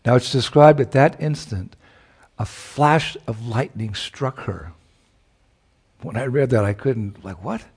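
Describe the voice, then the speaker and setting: Slow, reflective male preacher telling a story. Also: medium pitch, darkish tone, slightly rough. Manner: reflective, with chuckles and searching for words. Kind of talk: storytelling sermon.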